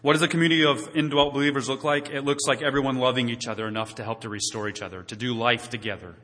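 Bright-voiced male pastor preaching in a reverberant hall. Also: mid-range voice, steady tone, quick pace. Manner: conversational preaching, questions to the congregation. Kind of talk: sermon.

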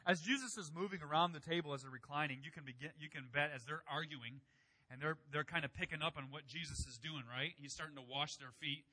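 A young adult man preaching a sermon in a conversational way, acting out quoted lines with sudden loud bursts. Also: fairly high pitch, fast. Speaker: pastor.

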